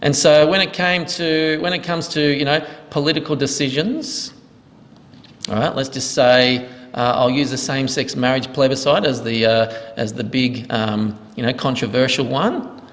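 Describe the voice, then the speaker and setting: A man's voice: medium pitch, normal speed, fairly bright tone. A man leading a question-and-answer teaching session as pastor, explaining answers earnestly. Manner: earnest, explanatory, thanks each asker. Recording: reverberant hall.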